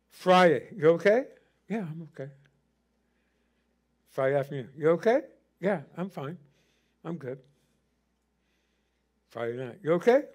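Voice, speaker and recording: A middle-aged man preaching a sermon as pastor, telling a personal story with passion and rising to near shouting. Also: fairly high pitch, big pitch swings, a little slow, long pauses.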